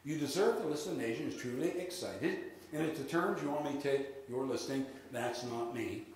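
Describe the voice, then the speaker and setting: A man giving a live sales seminar, lively and drilling the audience in call-and-response. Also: medium pitch, normal speed. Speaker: real estate sales trainer. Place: large room with an audience. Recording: echoey hall with faint noise.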